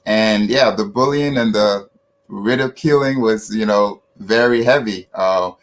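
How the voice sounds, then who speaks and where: A man's voice: on the low side, a little slow. Ghanaian man telling stories on a call. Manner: tag questions, laughs while telling. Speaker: panel guest. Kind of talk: storytelling in an online panel talk. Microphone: video call.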